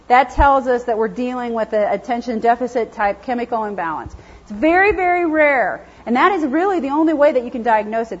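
A woman's voice: high voice, husky. Chatty woman teaching about dog behavior. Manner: lively, chatty, acts out dogs' thoughts in silly voices. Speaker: dog behavior trainer and lecturer. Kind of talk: lecture to a class. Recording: dull, lo-fi classroom recording.

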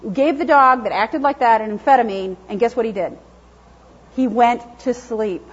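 A woman's voice: fairly high pitch, normal speed, breathy edge. Chatty woman teaching about dog behavior. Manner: lively, chatty, acts out dogs' thoughts in silly voices. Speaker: dog behavior trainer and lecturer. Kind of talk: lecture to a class. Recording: dull, lo-fi classroom recording.

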